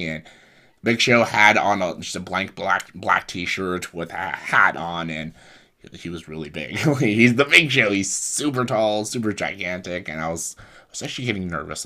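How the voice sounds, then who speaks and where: A man's voice: low voice, bright, forceful tone. A young man telling a rambling personal story in a casual way, full of fillers and restarts. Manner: rambling, with fillers and self-corrections. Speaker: vlogger.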